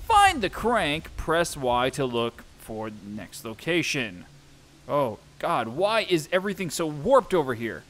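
A man's voice: fairly high pitch, huge pitch swings, unhurried, fairly bright tone. A young man giving let's-play commentary on a horror game, jumpy and self-mocking, swearing often. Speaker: gameplay streamer.

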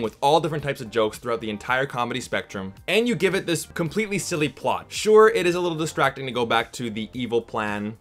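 A chatty male movie critic talks straight to his viewers in a loose, upbeat vlog manner, with a few casual swears. His voice sits at a mid pitch. Faint music plays underneath. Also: fairly bright tone. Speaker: movie review host.

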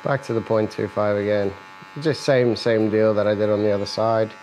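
A man's voice: on the low side, fairly even intonation, normal speed, a little mellow, a little hiss or hum, rough recording. A man, a barber, talking through a haircut in an easy, instructive way and joking with his client. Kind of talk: narrating a haircut while working. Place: barbershop, indoors. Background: electric clippers buzzing.

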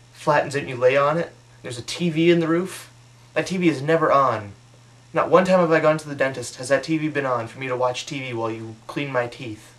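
Young man telling a comic story. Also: mid-range voice. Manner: deadpan storytelling, mocking, with put-on voices for quotes. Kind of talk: comic monologue.

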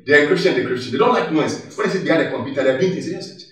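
A man giving an animated workshop talk, laughing and acting out office dialogue as he goes. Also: fairly high pitch, racing. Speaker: workshop speaker. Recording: echoey hall, mic far off.

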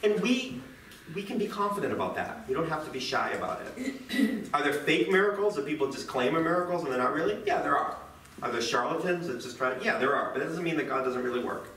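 A man teaching high schoolers in a classroom, chatty and self-deprecating, with lively jokes. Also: fast talker, a little hiss or hum. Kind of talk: classroom lecture. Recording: roomy, distant classroom mic.

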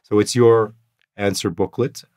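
Very deep-voiced male podcast host. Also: fairly even intonation, measured pace, a little mellow. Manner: friendly, prompting questions, affirming answers. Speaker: podcast host interviewing test takers. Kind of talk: casual interview.

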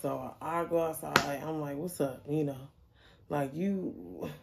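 A young adult woman telling a story in a casual, blunt, animated way, swearing freely. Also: low-pitched, slow, gravelly, very noisy. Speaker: storyteller vlogger.

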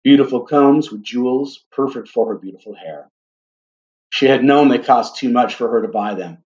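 A man reading a story aloud in a gentle, deliberate way, speaking now and then to his listeners. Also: mid-range voice, dull audio. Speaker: reader.

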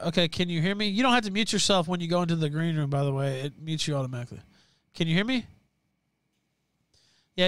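A man hosts a call-in stream in a casual, offhand way, taking callers and helping them sort out their audio. His voice sits a bit high. The sound is close and dry. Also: sharp tone, no room sound. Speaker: host.

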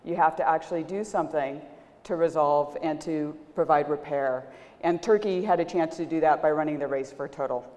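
Woman giving a lively lecture, talks right to the crowd, big echoey hall. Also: lowish voice. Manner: animated, addresses the audience. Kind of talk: public lecture with storytelling. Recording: long hall reverb.

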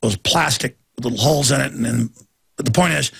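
A man's voice: mid-range voice, fairly quick, creaky, a bit bright, slightly rough. A man hosting a talk show, ranting emphatically and jumping from one story to the next. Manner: ranting, emphatic, jumps between stories. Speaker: radio talk show host. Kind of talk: heated monologue.

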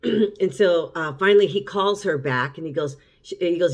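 A middle-aged woman who hosts a cooking channel chats to the camera at a moderate pace, her voice on the low side. Casually recounting a story, she often repeats herself and restarts.

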